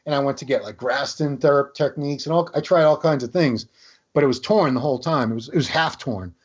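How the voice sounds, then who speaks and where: A man's voice: medium pitch, a little fast, breathy edge, muffled recording. A man from New England, a podcast guest, chatting casually with wry, self-deprecating humor. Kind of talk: casual chat.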